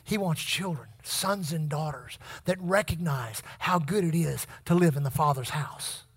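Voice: mid-range voice, a little slow, breathy edge. A preacher giving a sermon, reading scripture in old King James wording and calling on the congregation to repeat phrases back, often repeating words while building up a point. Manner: call-and-response with the congregation.

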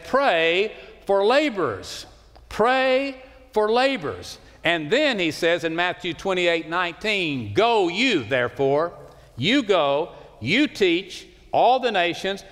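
A man preaching a sermon as pastor, swinging from loud high calls to low quiet stretches and slowing down to stress words. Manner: preaching with sweeping swings in pitch and loudness, slowing for emphasis. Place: large church sanctuary. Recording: long reverb of a large hall.

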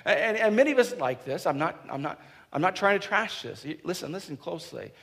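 A man in his thirties delivering a sermon to his church, with a noticeably high voice. His preaching is animated and humorous. He slips into quick acted-out lines. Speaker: pastor.

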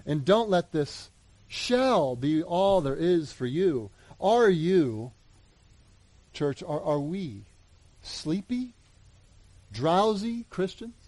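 A man preaches with a high voice and a lot of feeling. He swings from loud appeals to quiet, hushed asides. The sound is dry and close, with no room echo. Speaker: pastor. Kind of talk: sermon.

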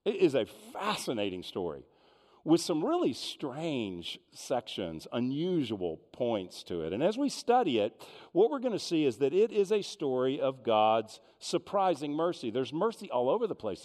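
A man's voice: medium pitch, moderate pace. Guy preaching, chatty storyteller, voice ringing round a big hall. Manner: conversational, expressive storytelling. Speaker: pastor. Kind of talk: sermon.

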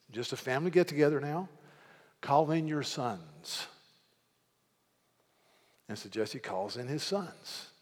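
A man delivers a sermon in a large hall whose long reverb trails his words. He tells a story and slips into the voices of its characters as he goes. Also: medium pitch. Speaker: pastor.

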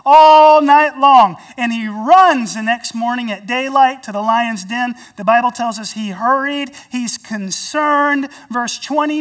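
A woman's voice: on the high side, slow, distant mic. Woman pastor preaching, mic set back. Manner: storytelling with dramatic swings in volume. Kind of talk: sermon.

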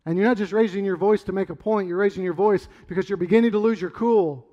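A middle-aged man preaching a sermon in a loose, conversational way, rambling through stories and sometimes shouting. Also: high voice, fast talker, lo-fi sound. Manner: conversational, rambling storyteller with sudden loud outbursts. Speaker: pastor.

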